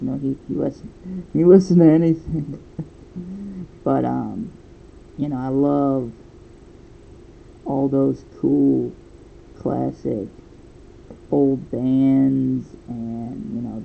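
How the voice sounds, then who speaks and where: A man's voice: mid-range voice, creaky, muffled recording, a little hiss or hum. A man in his twenties chatting casually and rambling while he draws a comic. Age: 20s. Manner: rambling, thinking aloud. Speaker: comic artist. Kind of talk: casual chat while drawing.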